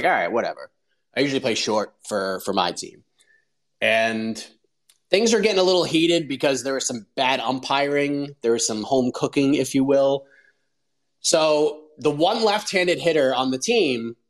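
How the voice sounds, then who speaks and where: Animated man in his forties. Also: medium pitch, poor audio. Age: 40s. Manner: animated storyteller, lots of fillers. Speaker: host. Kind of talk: casual commentary.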